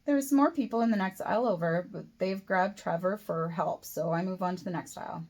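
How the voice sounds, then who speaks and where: A woman's voice: lowish voice, a little fast, darkish tone. A woman reads her own novel aloud as first-person audiobook narration. Her delivery is plain and unpolished, and she stumbles and restarts lines now and then. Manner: plain reading with occasional slips and restarts. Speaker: author reading her own book.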